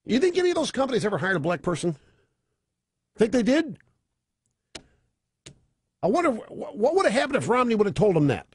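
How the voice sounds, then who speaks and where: A man's voice: high voice, huge pitch swings, very fast, hardly any pauses, breathy edge, no echo, clean studio sound. A man hosting a radio talk show, delivering an opinionated monologue with sarcastic, mocking asides.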